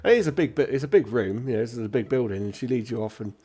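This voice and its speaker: A man narrating as game master, rambling and pausing to search for words. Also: medium pitch, lively intonation, warm tone, slightly rough.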